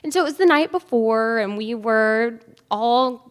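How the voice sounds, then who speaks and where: A woman's voice: fairly high pitch, unhurried, clean tone. A woman in her thirties, a faculty speaker at a white coat ceremony, telling a personal story in a conversational, chatty way. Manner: conversational, chatty, with light laughs. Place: large theatre. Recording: long theatre-hall reverb.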